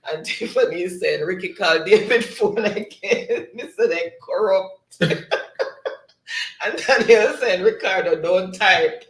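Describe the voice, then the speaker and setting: A man's voice: on the high side, vocal fry, a bit bright, reverberant. A man with a Jamaican accent co-hosting a live stream, reading viewer comments aloud with frequent laughs. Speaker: live show co-host reading chat. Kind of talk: casual live-stream chat.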